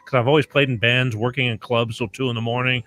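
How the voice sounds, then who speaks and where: A man's voice: medium pitch, flat delivery, fast, fairly bright tone. A middle-aged man hosting a call-in radio show in a casual chat, rambling with many restarts and fillers. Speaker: radio talk show host.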